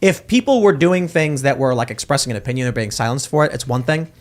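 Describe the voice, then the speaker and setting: With a medium-pitched, lively voice and a fast delivery, a man hosts a political talk show. He chats casually but argues emphatically, using acted-out quotes to press his point.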